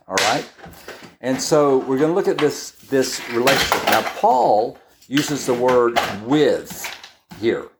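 A woman with a very deep voice teaches scripture in an easygoing, conversational way, pausing and restarting as she explains. She keeps checking that her listeners follow along. Dishes clatter and clicks sound clearly behind her. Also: background noise. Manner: checks in often with "all right?"; unhurried, with pauses and restarts. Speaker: Bible teacher. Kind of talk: conversational Bible-study sermon.

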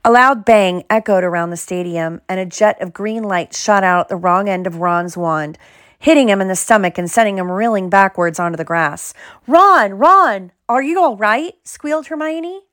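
A woman reading a novel aloud in measured scripted narration, close to the mic. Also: fairly low pitch, no echo. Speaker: audiobook reader.

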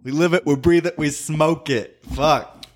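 A man's voice: a little high, steady tone, a little hiss or hum. A man from Michigan co-hosting a podcast, cutting in with short, profane remarks and frequent laughter. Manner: laughing, quick profane interjections. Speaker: podcast co-host. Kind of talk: casual chat.

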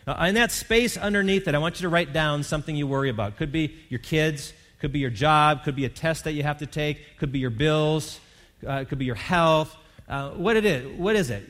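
A man's voice: a little high, a bit bright. A middle-aged man preaching a sermon in a conversational way, often repeating words and rising into emphatic bursts. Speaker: pastor. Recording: reverberant hall.

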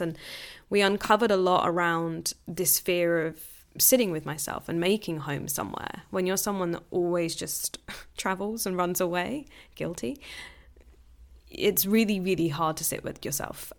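A young woman talks through her personal news on her own podcast in a loose, candid monologue. Her voice sits a little low for a woman, and she breaks into small laughs as she goes. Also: moderate pace, gravelly. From England. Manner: candid and chatty, laughing often. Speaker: podcast host.

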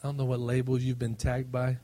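A male pastor preaching a sermon, emphatic and swinging between loud passages and soft, low ones. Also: monotone, a little fast.

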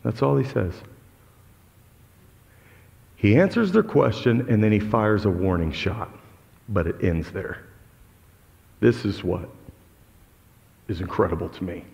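Gravelly, animated preacher man. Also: a little slow, long pauses, in a large hall, highs cut off. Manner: impassioned preaching, swinging from loud outbursts to low intense tones. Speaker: pastor. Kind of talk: sermon.

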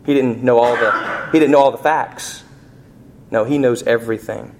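A middle-aged man preaching a sermon, asking the congregation rhetorical questions and rising sharply in pitch and volume on emphatic points. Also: fairly even intonation, moderate pace, creaky, noisy background. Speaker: pastor.

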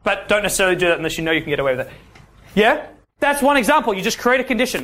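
High-pitched, a bit bright, and very fast, this dating coach talks to his workshop class directly. He keeps asking the room questions and tags his points with "yeah?"

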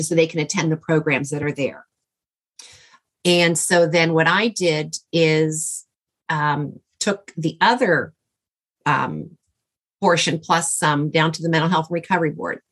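Middle-aged woman, husky voice, lowish pitch, heartfelt, rambling storytelling, interview guest. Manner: heartfelt, rambling with many fillers and restarts. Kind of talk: emotional personal storytelling.

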